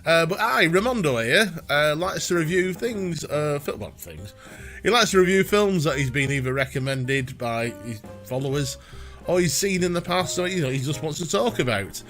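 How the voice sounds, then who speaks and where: A man's voice: fairly high pitch, expressive, normal speed, fairly bright tone, faint music behind. A man hosting a casual reaction video, chatty, rambling and playful. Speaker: reaction channel host.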